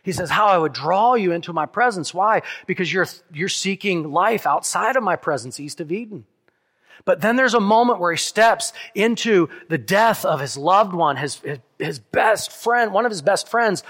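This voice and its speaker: A man preaching a sermon as pastor, earnest, dropping softly on key lines and speeding through asides. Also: high-pitched. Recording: long hall reverb.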